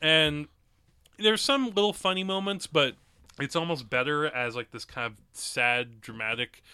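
Man, podcast co-host, bright tense voice, slightly high, dry close sound, rambling, laughs a lot. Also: measured pace, clean tone, no room sound. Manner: rambling, laughs often, lots of fillers. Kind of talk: casual movie review chat.

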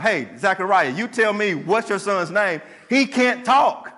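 A man preaching a sermon as pastor, animated, acting out the voices of people in his story. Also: sits high, normal speed, hardly any pauses. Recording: long hall reverb.

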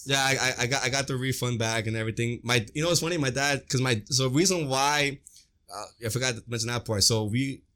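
A young man co-hosting a casual podcast chat, telling animated stories full of slang and cursing. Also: mid-range voice, brisk. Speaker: podcast co-host.

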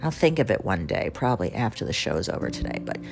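A woman's voice: extremely low pitch, big pitch swings, fast, creaky. A woman with a Southern accent hosting a radio show, telling rambling stories in a chatty, self-mocking way. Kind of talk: casual storytelling monologue. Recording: music playing under the voice.

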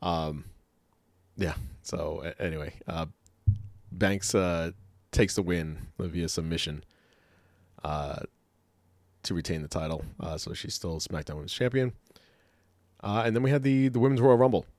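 Low-voiced man in animated casual chat. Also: a little slow, long pauses, dry recording. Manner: rambling, animated, laughs often, many fillers. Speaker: podcast co-host.

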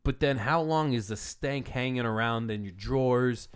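A man's voice: mid-range voice, moderate pace, clean tone. A man co-hosting a podcast in casual chat, easygoing and fond of crude jokes. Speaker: podcast co-host.

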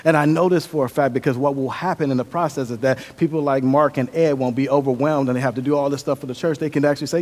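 A man's voice: mid-range voice, fairly even intonation, fast, few pauses. A young man from the American Midwest giving a sermon, telling his life story with earnest energy that rises and drops. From Milwaukee, Wisconsin. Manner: earnest storytelling, shifting from loud to quiet. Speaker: preacher. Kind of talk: sermon with personal testimony.

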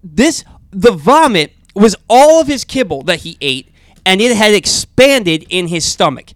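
A male talk radio host telling a long, animated story in a rambling, casual way with frequent restarts. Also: high-pitched, a little slow, no room sound, clean studio sound.

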